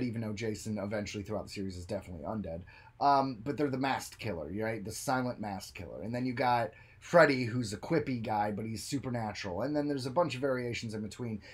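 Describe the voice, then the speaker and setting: A man co-hosting a podcast, telling stories in a loose, animated way and slipping into joking voices. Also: medium pitch, breathy edge. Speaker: podcast co-host. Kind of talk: casual chat.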